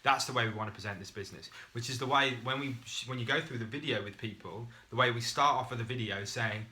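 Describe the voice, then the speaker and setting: A man talks quickly and brightly, giving a motivational business talk to his team. He tells stories in a lively, conversational way, and his voice has a forceful edge. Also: medium pitch. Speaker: business presenter.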